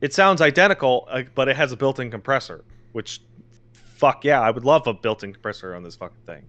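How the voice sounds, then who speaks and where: A man in a casual podcast chat tells stories with animated, exasperated energy and swears often. His voice sits at an ordinary middle pitch. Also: fairly quick, muffled recording. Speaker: podcast co-host.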